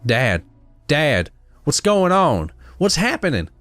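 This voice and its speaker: A man's voice: fairly high pitch, sing-song, normal speed, no room sound, soft background music, voice pushed up. A man voicing the storyteller's younger self, an anxious young adult son, in a horror story. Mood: worried.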